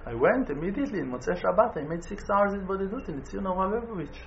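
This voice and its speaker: A man delivers a fervent appeal in a high voice, pleading and repeating himself. He surges into loud urging, then drops to soft, near-tearful tones. The recording is dull and lo-fi, with faint noise underneath. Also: animated, quick pace. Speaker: community speaker making an appeal. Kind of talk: impassioned appeal.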